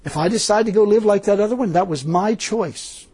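An older man giving an informal, folksy sermon, laughing often and growing animated as he preaches. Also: high voice, brisk, breathy edge.

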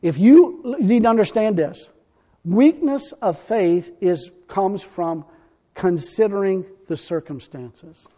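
A man preaching a fiery sermon, folksy and blunt, now and then breaking into shouts. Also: sits high, expressive, takes it slowly.

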